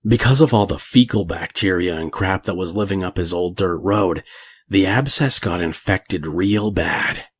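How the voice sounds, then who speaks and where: A man's voice: low voice, a little slow, slightly rough, dry recording, heavily acted. A man voicing a crude older male convict who tells a gross story with plenty of profanity. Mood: vulgar yarn. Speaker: narrator.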